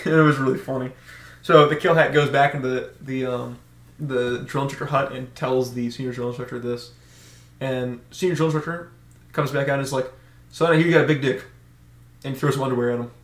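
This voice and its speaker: Animated young man telling stories, echoey. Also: mid-range voice, a little fast. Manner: animated, laughs often, acts out shouted drill orders. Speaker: podcast co-host. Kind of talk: casual storytelling chat. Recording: echoey room.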